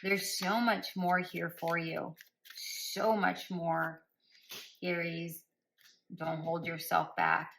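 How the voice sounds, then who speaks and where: A woman's voice: on the low side, little pitch movement, takes it slowly, vocal fry, fairly bright tone, poor audio. A woman giving a spoken tarot reading. She speaks directly to listeners by star sign and repeats phrases for emphasis in a coaching tone. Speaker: tarot reader.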